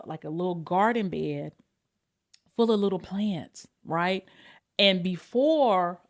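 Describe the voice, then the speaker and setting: Woman podcast host just talking to y'all, swears a lot, real candid, voice goes up and down and speeds up and slows down. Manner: candid, swears freely, addresses listeners as y'all; animated, pitch and pace swing widely. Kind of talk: casual confessional talk.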